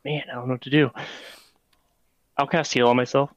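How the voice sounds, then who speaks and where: A man's voice: mid-range voice, little pitch movement, a little fast, no room sound, lo-fi sound. A man playing a character in a tabletop role-playing game, joking casually and thinking his moves through aloud. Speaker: player. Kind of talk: tabletop role-play chat.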